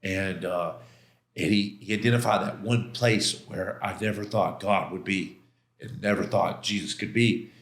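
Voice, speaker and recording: This middle-aged podcast guest has a low, somewhat bright voice with fairly even intonation, and he speaks unhurriedly. He recounts a personal story emotionally and intensely, full of slang, quoted back-and-forths, and restarts. A roomy echo fills the recording.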